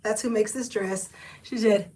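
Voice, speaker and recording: A woman, hosting a casual thrift haul livestream, animated and chatty, calling viewers honey. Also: mid-range voice, a little slow, recorded from a distance.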